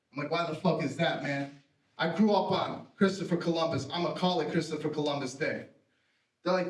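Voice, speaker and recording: A man's voice: a little high, fairly quick. A man doing a live stand-up set, brash and profane, with self-mocking punchlines. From Puerto Rican family. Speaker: stand-up comedian. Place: theater stage with live audience. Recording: roomy theater sound from a distance.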